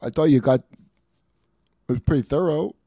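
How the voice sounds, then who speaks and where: A man co-hosting a comedy show, talking in mumbling, hesitant, halting bits of banter. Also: on the high side, dark tone, dry recording, clean studio sound.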